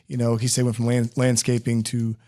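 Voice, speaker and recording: A man hosting a relaxed interview podcast, with a voice sitting in an ordinary middle pitch. He jokes, rambles and laughs at his own jokes in a loose, chatty style. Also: brisk. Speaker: podcast host. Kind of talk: casual interview chat.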